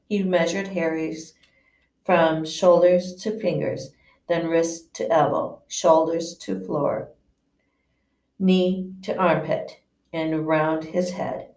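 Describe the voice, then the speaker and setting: A woman's voice: low-pitched, steady tone, slow pace, darkish tone. A woman, a teacher, reading a novel aloud in an unpolished way, with frequent slips and restarts. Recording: echoey room, distant mic.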